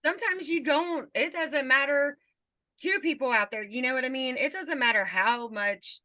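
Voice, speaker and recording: A woman's voice: high-pitched, normal speed, sharp tone, dry recording. A woman hosting a casual interview, talking in a direct, frank way with casual cursing.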